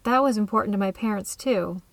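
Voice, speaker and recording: A woman's voice: mid-range voice, brisk, creaky, no room sound, lightly acted. A woman doing a shy, lonely college girl. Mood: subdued.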